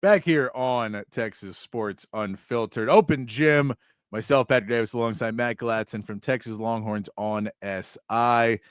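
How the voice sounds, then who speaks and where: A man's voice: mid-range voice, unhurried, clear, resonant tone, no echo, clean studio sound. Chatty male sports talk host. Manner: chatty, laughs often, rambling asides.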